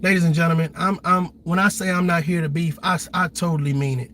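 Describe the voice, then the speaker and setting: Forceful high-voiced man speaking out. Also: fairly even intonation, quick pace, a little hiss or hum. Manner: emphatic, repetitive, blunt and profane. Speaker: livestream host; army veteran. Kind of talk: passionate livestream commentary.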